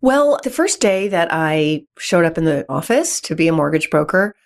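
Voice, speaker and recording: A woman, a guest on a podcast, telling stories in an animated way, often laughing and acting out dialogue. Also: deep voice, moderate pace, gravelly. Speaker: podcast guest, real estate investor. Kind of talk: conversational storytelling.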